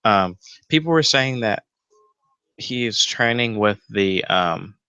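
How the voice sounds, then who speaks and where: A man's voice: on the low side, lively intonation, slow, bright, forceful tone, smooth, no echo, muffled recording. A man hosting a casual fan theory show from home, rambling with lots of fillers and the odd swear. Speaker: YouTube show host. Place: home room with a roommate nearby.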